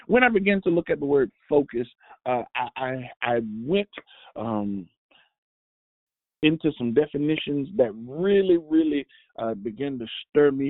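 A man hosting a devotional show, preaching slowly with halting restarts and a repeated refrain. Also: on the high side, animated, no room sound. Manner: halting, repetitive, with many restarts and fillers; drives points home with a repeated refrain. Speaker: host and preacher. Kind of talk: devotional sermon. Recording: tinny phone-like dry sound.

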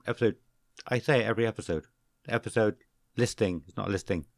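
Deep-voiced joking man on a podcast. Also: creaky, no echo, clean studio sound. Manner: joking, self-correcting, drawn-out readings of names. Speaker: podcast co-host. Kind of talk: casual podcast chat.

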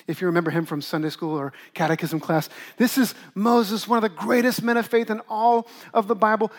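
A middle-aged man, a pastor, preaching a conversational sermon with lively asides to the congregation. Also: high voice.

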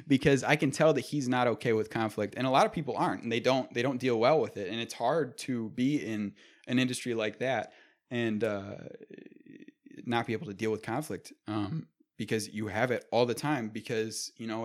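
A man in his twenties telling a story in casual, profane chat, acting out what people said. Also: medium pitch. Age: 20s.

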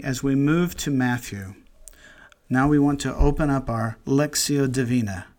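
A man leading a devotional meditation, speaking slowly and earnestly, often pausing mid-phrase and restarting his thoughts. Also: medium pitch. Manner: slow, reflective, gently earnest.

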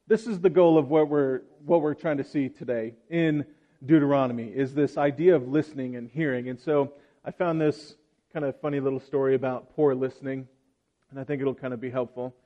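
A man preaching a sermon in a church hall, reading scripture and then talking in a relaxed, conversational way with joking asides. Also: mid-range voice, normal speed, highs cut off.

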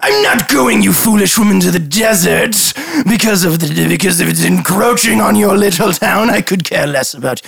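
A man's voice: high voice, moderate pace, gravelly, hardly any pauses, fairly bright tone, slightly rough, no echo, full character voice. A man voicing an arrogant male dragon lord in human guise, scornful and theatrical, in a tabletop game.

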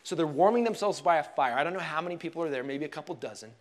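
A man preaching a sermon in a church, telling the story expressively and dropping to hushed tones for emphasis. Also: a little high, animated, rapid-fire. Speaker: pastor.

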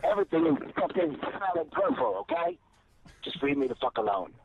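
A man's voice: a little high, huge pitch swings, fairly quick, vocal fry, background noise. A man prank calling into a show, rambling and crude over a muffled line. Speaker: prank caller.

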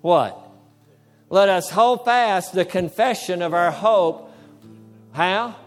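A man's voice: high-pitched, slow, soft background music. A male pastor preaching a sermon, emphatic, repeating key phrases and acting out short dialogues with the devil.

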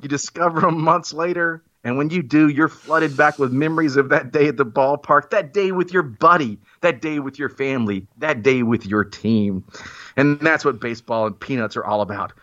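Hammy man with a bright voice. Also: on the high side, normal speed. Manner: theatrical, hammy, self-mocking. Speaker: guest making a comic pitch. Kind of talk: playful mock-persuasive monologue. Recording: muffled lo-fi recording.

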